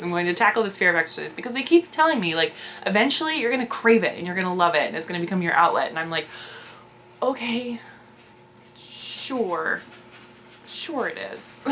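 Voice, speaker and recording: Bright, chatty young woman vlogging. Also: on the low side, slight background noise. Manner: chatty and self-mocking, lots of laughter. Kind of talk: casual chat to camera.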